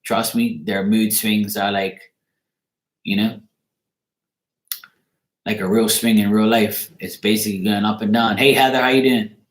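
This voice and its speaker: A man's voice: lowish voice, level tone, unhurried, long pauses, reverberant. A man giving a casual tarot reading on a livestream, rambling loosely, swearing now and then and breaking off to greet viewers. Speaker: tarot reader.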